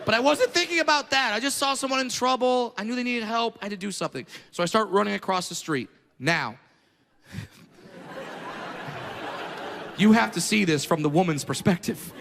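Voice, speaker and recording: A man doing a stand-up comedy set in front of a live audience, brash and self-mocking, jumping into loud mock voices. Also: sits high, expressive, normal speed, creaky. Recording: live room with long reverb and noise.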